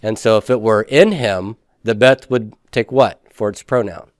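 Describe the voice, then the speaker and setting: Smooth-voiced male teacher reviewing a lesson. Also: fairly low pitch, normal speed, no room sound, clean studio sound. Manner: patient, asks questions then answers them himself. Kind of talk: recorded class review lesson.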